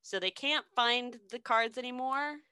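A woman chatting casually as she retells a story, slow and loose, with fillers and swearing. Her voice is bright and crisp, and the sound is dry and close. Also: on the high side, dry recording.

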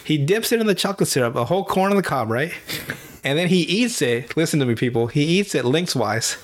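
A podcast host with a slightly high voice talks briskly, recapping a cartoon in casual chat. He swears a lot, laughs constantly, and gets animated, jumping into silly character voices as he tells the story.

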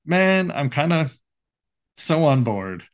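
A man's voice: fairly high pitch, sing-song, slow pace. A man co-hosting a podcast in casual, playful, rambling chat with many fillers. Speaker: podcast co-host.

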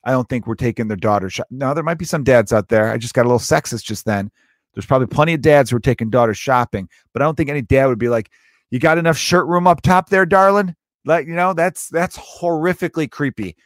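A man's voice: mid-range voice, no room sound, studio quality. A man in his thirties, a comedian hosting his own show, rambling profanely through a casual comic monologue and acting out little scenes. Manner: rambling, profane, acts out quoted voices. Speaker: comedian podcast host.

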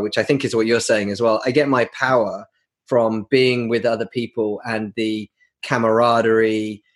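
Man, interview host, enthusiastic, casual chat, mid-pitched voice. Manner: enthusiastic, relates to the guest with his own experience.

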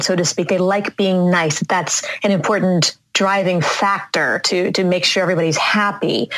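Woman speaking coach, slow and deliberate. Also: mid-range voice, animated, poor audio. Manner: demonstrates vocal inflections, slow and deliberate. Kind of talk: conversational interview.

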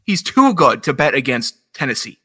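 A man co-hosting a casual sports podcast, joking and excitable, laughing often as he makes his game picks. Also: mid-range voice, normal speed, breathy edge. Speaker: podcast co-host.

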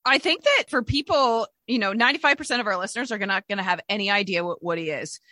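A woman from Ontario co-hosting a podcast, chatting in a teasing, quick way. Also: medium pitch, sharp tone, no room sound, clean studio sound. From Ontario, Canada. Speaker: podcast co-host. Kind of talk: casual podcast chat.

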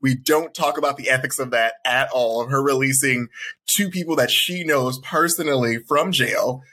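A man co-hosting a podcast, chatting casually about a movie in an animated way with quick asides. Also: medium pitch. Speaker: podcast co-host. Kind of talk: casual chat reviewing a movie.

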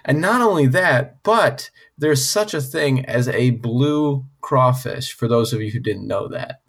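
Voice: medium pitch, animated, unhurried. Co-host, casual and playful, hams up trivia like a showman. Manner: playful, shares fun facts with mock showmanship. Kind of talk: casual podcast chat.

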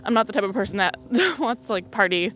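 Young female podcast host, chatty and loose, mid pitch, recorded outdoors on a phone with faint road noise. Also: lively intonation, fast, fairly bright tone. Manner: chatty, rambling, laughs often. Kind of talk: casual solo chat. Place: outdoors on a muddy walk. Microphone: phone in pocket.

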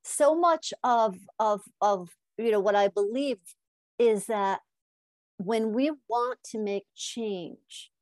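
A middle-aged woman from Connecticut speaks as a hypnotist guest on a podcast, in a voice that sits on the higher side. She tells lively stories, laughs often and repeats phrases for emphasis. The sound is dry and close, with no room around it. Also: slow pace, dry recording. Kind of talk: podcast interview.

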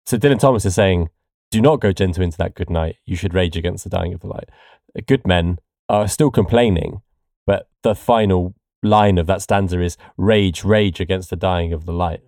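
Man, podcast co-host, lowish voice, dry close mic. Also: a little fast, warm tone, dry recording. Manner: explains with asides and laughs. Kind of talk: casual podcast chat about poetry.

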